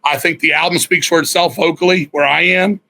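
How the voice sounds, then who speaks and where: A middle-aged man, a guest musician, telling stories in a blunt, profane, animated way. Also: on the high side, brisk, vocal fry, low-quality recording. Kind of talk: casual storytelling interview.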